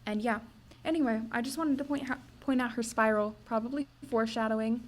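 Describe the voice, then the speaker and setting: A woman's voice: a little high, fairly even intonation, a little fast, slight background noise. Chatty young woman co-hosting a book podcast. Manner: chatty, reads her notes and book passages aloud. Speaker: podcast co-host. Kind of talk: casual book-discussion chat.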